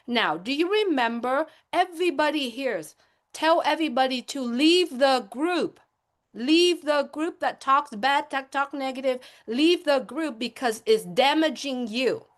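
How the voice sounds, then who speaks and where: As a webinar panelist, a woman delivers an impassioned, emphatic talk, lecturing and repeatedly circling back to her points. Her high-sitting voice is animated but unhurried.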